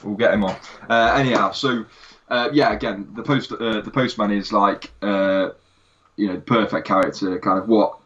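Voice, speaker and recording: A man co-hosting a casual podcast review. He talks in an animated way and laughs while retelling funny scenes. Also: on the low side, moderate pace, slight background noise. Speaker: podcast co-host. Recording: dull lo-fi sound.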